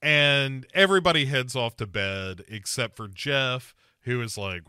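A man's voice: medium pitch, measured pace, few pauses, bright, forceful tone, clear, resonant tone, no room sound, studio quality. A man hosting a podcast, casually recapping a movie with wry mock quotes. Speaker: podcast host. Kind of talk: casual movie review chat.

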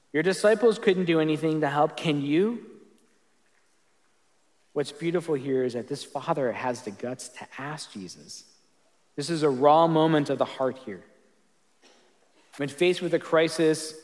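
A man's voice: a little high, in a large hall. A man preaching a sermon as pastor, earnest and conversational, often restarting his sentences.

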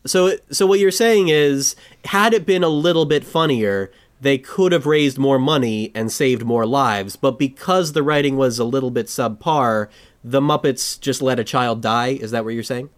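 A man's voice: medium pitch, moderate pace. A man hosting a podcast, talking in a wry, teasing way. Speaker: podcast host. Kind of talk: casual chat.

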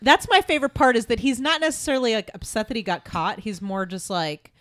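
A woman hosting a casual podcast chat, leading the talk in a quick, animated way. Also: fairly high pitch, dry recording, studio quality. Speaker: podcast host.

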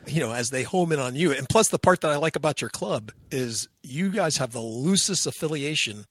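A man hosting a podcast in casual chat, retelling stories in an animated way and acting out bits of voices. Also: on the high side, brisk, no echo. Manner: animated storyteller, acts out voices. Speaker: podcast host.

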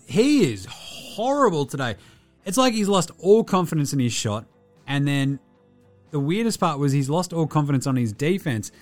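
Aussie bloke ranting about basketball on his podcast, swears a lot, fairly high voice, bit of music underneath. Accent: Australian. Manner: blunt, excitable, swears freely. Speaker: podcast host. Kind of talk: casual sports podcast chat.

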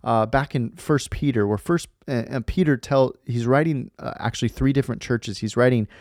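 A man's voice: medium pitch, moderate pace, darkish tone, no echo, clean studio sound. A man in his thirties hosting a faith podcast, talking earnestly and rambling with fillers and restarts. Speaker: podcast host. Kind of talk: casual faith podcast talk.

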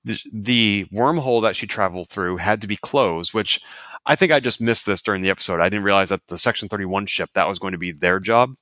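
A man co-hosting a casual podcast discussion, talking in a measured, analytical way. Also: fairly low pitch, bright, forceful tone, no echo, studio quality. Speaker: podcast co-host.

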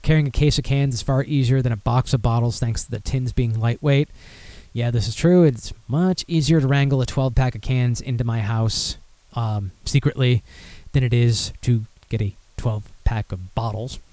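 A man's voice: mid-range voice, fairly even intonation, moderate pace, mellow, dry recording. A man casually hosting a beer podcast, rambling and swearing as he reads listener comments aloud. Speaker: podcast host.

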